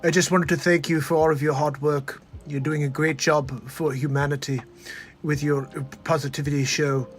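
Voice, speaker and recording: A man doing a comedy impression of a soft-spoken male tech billionaire. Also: fairly high pitch, flat delivery, normal speed, soft background music, voice pushed down, lightly acted. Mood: earnest.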